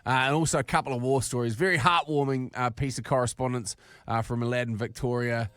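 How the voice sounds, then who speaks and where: A man's voice: medium pitch, fairly even intonation, fast, fairly bright tone, clear, resonant tone, dry recording. A man, co-hosting a podcast, joking and teasing with some swearing. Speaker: podcast co-host. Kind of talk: casual podcast chat.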